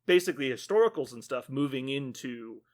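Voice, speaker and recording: A man's voice: mid-range voice, expressive, fairly quick, darkish tone. A man co-hosting a podcast, ranting casually with lots of swearing and acted-out quotes. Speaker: podcast co-host.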